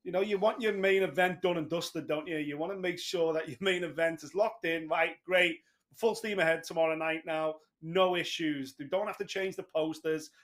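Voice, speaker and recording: A man's voice: on the high side, fairly even intonation, moderate pace, a bit bright. A man giving chatty, emphatic fight analysis in long, run-on points. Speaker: pundit. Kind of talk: casual studio analysis.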